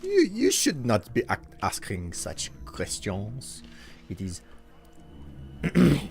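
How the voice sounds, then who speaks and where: A man's voice: mid-range voice, huge pitch swings, slow, gravelly, a little mellow. A man streaming a video game and commenting on it in a put-on French-German accent, speaking in a stiff, formal, playful way. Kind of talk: casual gameplay commentary.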